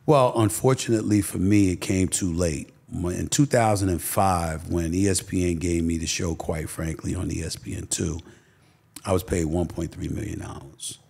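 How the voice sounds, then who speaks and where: Middle-aged New guest, emphatic storyteller, very low husky voice. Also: male voice, moderate pace, darkish tone. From Queens, New York. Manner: emphatic, repeats phrases for stress. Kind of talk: candid personal storytelling.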